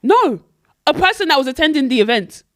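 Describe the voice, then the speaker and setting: A woman's voice: high voice, fairly quick. A woman, co-hosting a podcast and telling a long story in casual chat, acting out what people said. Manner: animated, acts out quotes in other voices. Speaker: podcast co-host.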